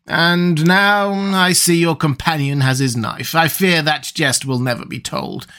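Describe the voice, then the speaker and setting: A cunning priest, voiced by a male reader, calm and unhurried. His lines come slow and measured, with a cool, knowing edge. It is a storybook reading, lightly characterized. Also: a little high, pitched above the performer's own voice.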